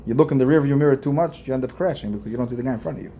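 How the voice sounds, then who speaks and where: A man's voice: medium pitch, very fast, warm tone, a little hiss or hum. A man, a rabbi, giving an informal religious lesson in a conversational way, repeating phrases and asking his listeners questions. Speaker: rabbi teaching a class.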